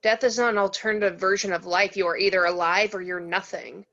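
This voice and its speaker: A woman's voice: mid-range voice, fairly even intonation, brisk, close to an everyday voice. A woman reading the part of a desperate middle-aged male doctor held captive, clipped and insistent, in an amateur table read. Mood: probing. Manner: clipped, insistent, rising to shouting. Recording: dull lo-fi mic.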